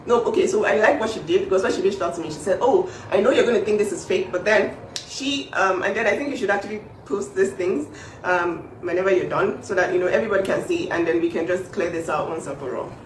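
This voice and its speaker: A woman's voice: fairly low pitch, fast talker. A woman speaking up for her younger sister in a casual vlog, emphatic and repetitive, with many fillers. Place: home kitchen. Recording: echoey room, mic at a distance, faint background noise.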